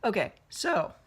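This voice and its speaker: A woman's voice: a little high, vocal fry, a bit bright, husky. A young woman giving a casual, rambling film review, swearing freely and full of fillers and restarts. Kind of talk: casual spoken movie review.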